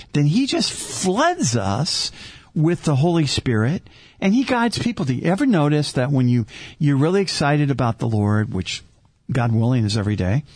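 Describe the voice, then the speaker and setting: Male host, slightly high pitch, very animated, preacherly, dry sound. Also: dry recording. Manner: preacherly, rhetorical questions. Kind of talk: casual faith talk.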